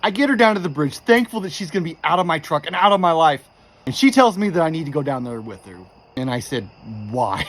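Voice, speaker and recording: A man telling a creepy true story in a casual, animated way, quoting the people in it with exasperation. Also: sits high, quick pace. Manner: animated, exasperated retelling with quoted dialogue.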